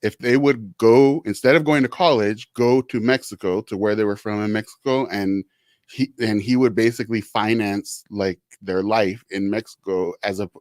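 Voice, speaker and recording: A man's voice: on the low side, fairly even intonation, a little mellow, dry recording, clean studio sound. A middle-aged man hosting a podcast interview, talking in a reflective, supportive way. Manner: reflective, supportive, quick laughs. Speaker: podcast host.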